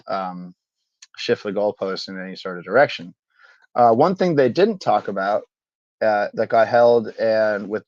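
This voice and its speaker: A man's voice: lowish voice, a little mellow, no echo, muffled recording. A man co-hosting a casual comedy podcast, trading sarcastic commentary and mock impressions. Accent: Massachusetts. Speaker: podcast co-host.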